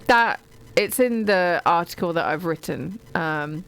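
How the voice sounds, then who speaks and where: A middle-aged woman from England talks about books on the radio in a warm, effusive ramble. Her voice sits a little low, and she fills pauses with ums and restarts her sentences often. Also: lively intonation, vocal fry, slight background noise, rough recording. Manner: gushing, digressive, many ums and restarts. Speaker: radio show guest or presenter talking books.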